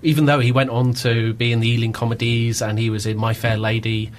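A man's voice: mid-range voice, little pitch movement, brisk, slight background noise. A man talking as a podcast guest in a reflective, discursive way, with many ums. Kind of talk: casual podcast conversation.

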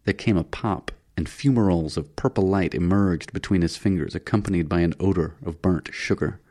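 A man narrating an audiobook story in a measured storytelling manner. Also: deep voice, warm tone.

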